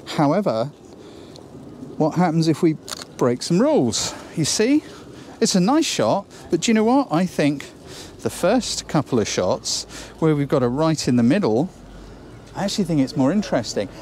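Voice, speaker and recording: A man's voice: on the high side, big pitch swings, moderate pace, a little mellow. A man teaching photography on a shoot, chatty and encouraging, thinking aloud as he works. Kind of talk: on-location photo lesson. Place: outdoors then inside a building on a shoot.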